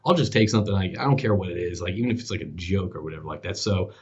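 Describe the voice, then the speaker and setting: A man's voice: sits low, racing. A man in his forties telling a career story in a casual interview, rambling with many fillers and acting out the dialogue. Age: 40s. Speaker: podcast host as guest. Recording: dull lo-fi podcast audio.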